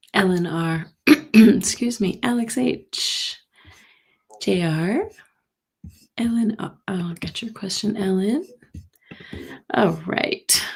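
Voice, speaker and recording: A woman's voice: medium pitch, darkish tone. A woman hosting a psychic livestream from home, chatting casually and greeting viewers by name. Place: home in Colorado.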